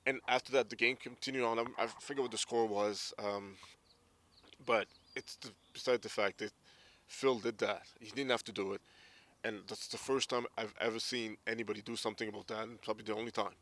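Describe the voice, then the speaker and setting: A man's voice: lowish voice, steady tone, a little fast, fairly bright tone. A man around forty, a former hockey player, candidly recounting his memories in an interview. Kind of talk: casual interview storytelling.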